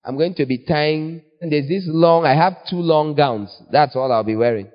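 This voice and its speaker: A fairly high-voiced man preaching a playful, teasing sermon with sudden leaps in pitch. His voice rings with a long church reverb and comes through with a dull, lo-fi sound. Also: normal speed.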